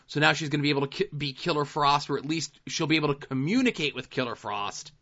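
A man's voice: on the high side, fast, bright, forceful tone, dull audio. A man co-hosting a casual podcast, recapping TV episodes in a laid-back, dry way with plenty of fillers. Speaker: podcast co-host.

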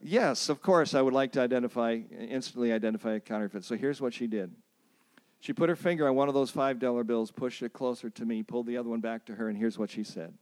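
A man's voice: medium pitch, quick pace, darkish tone. A man preaching at a workshop, emphatic, repeating key phrases and calling on the audience to say lines back, with self-deprecating stories. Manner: storytelling with self-deprecating asides. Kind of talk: sermon.

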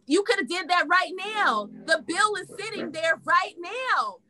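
A woman's voice: extremely high pitch, animated, a little slow, pushed and bright. A woman hosting a political reaction stream, blunt and profane, speaking, getting heated and then pulling herself back. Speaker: reaction show host. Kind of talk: casual political commentary.

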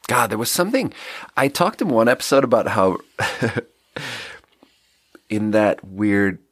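A man's voice: on the low side, big pitch swings, measured pace, husky, dry recording. A man with a stuffy nose talking alone on his podcast in a rambling, reflective, self-deprecating way, with a slight South African slip in his accent. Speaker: podcast host. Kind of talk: casual solo podcast monologue.

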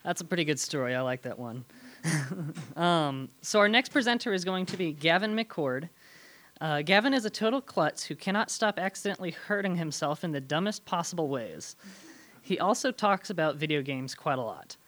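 Female event presenter, low voice, casual and teasing. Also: lively intonation, moderate pace, fairly bright tone. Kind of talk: introducing speakers at a storytelling event.

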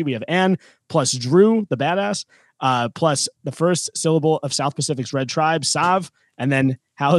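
A man's voice: on the high side, no echo, studio quality. A man co-hosting a podcast, talking casually with many fillers and restarts while running a trivia game. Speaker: co-host running a trivia segment.

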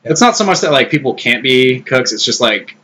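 Blunt, profane man with a bright voice. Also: medium pitch, big pitch swings, brisk, low-quality recording. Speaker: podcast co-host, former line cook. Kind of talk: casual chat.

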